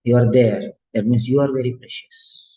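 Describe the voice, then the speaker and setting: Man, exam coach, motivational lecture, repeats himself for emphasis, mid-pitched, dull lo-fi audio. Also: moderate pace. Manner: lively, preachy, repeats phrases for emphasis.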